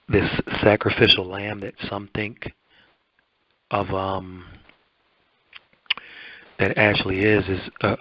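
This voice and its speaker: A hoarse man hosting a boxing interview show, talking in a halting, rambling way. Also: deep voice, dry recording. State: hoarse, voice almost gone. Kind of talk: radio-style interview and commentary. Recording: dull lo-fi dry recording.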